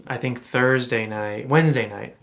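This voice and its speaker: A man co-hosting a podcast, telling a personal story in a relaxed, rambling way with many fillers and restarts. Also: mid-range voice, moderate pace. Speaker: podcast co-host. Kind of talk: casual storytelling chat.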